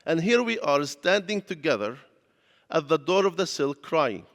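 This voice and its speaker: A man's voice: on the high side, very animated, moderate pace, fairly bright tone. Man preaching in a reverberant church. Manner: earnest storytelling, non-native grammar. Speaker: pastor giving a lecture. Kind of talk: personal testimony sermon. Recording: long hall reverb.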